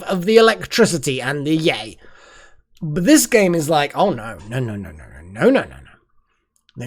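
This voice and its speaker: A man commentating a gameplay session as the channel host, rambling and excitable, often muttering to himself. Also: fairly high pitch. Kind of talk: let's play commentary.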